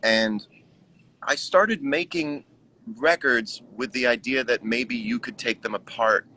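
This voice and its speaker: A man's voice: medium pitch, slow pace, sharp tone. A man, a musician guest, chatting casually on a live stream and musing aloud, acting out his own inner remarks. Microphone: video call.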